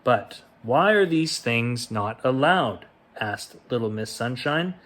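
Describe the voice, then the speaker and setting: Here a man gently reads a picture book at bedtime, taking his time and giving each quoted line its own ups and downs. His voice is mid-range with lively intonation.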